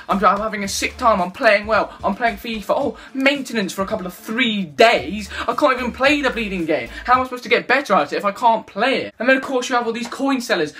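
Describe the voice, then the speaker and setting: A young man, ranting loudly and excitably to the camera in a gaming vlog. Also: high voice. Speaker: YouTuber.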